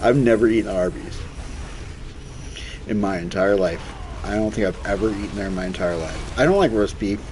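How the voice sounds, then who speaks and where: A man's voice: lowish voice, quick pace, hardly any pauses, background noise. A young man streaming a game, rambling through loose, profane stories in casual chat. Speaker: gaming streamer. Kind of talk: casual storytelling chat while gaming.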